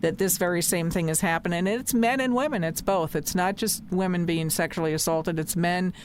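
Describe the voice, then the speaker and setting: A woman's voice: lowish voice, brisk, slight background noise. A woman hosting a podcast in casual talk, passionate and emphatic, often repeating her points. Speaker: podcast host.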